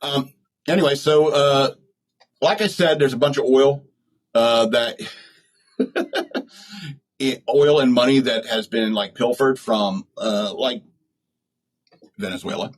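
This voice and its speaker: Blunt rambling man, husky voice. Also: mid-range voice, slow pace, long pauses, low-quality recording. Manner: blunt, rambling, laughs at his own jokes. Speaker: podcast host. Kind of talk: opinionated solo talk.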